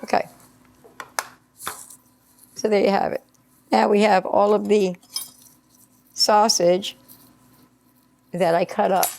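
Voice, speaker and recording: A woman's voice: mid-range voice, fairly even intonation, takes it slowly, vocal fry, pauses often, darkish tone. Slightly scratchy woman chatting while she cooks. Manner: chatty, explains each step as she cooks. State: scratchy voice from allergies. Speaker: home cook and channel host. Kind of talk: casual cooking vlog. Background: sizzling pan in a home kitchen.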